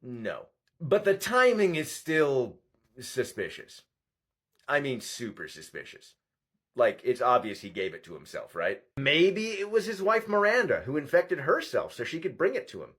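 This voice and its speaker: A man's voice: fairly high pitch, moderate pace, husky. A man recapping court news in a wry, sarcastic commentary style. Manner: sarcastic, animated storytelling. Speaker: vlogger covering court news. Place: Scotland.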